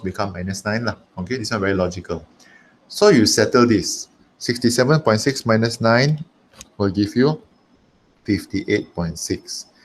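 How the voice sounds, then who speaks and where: A man's voice: lowish voice, slight background noise. A man with a Malaysian English accent teaching an online maths lesson, chatty and emphatic, repeating himself and talking while he writes.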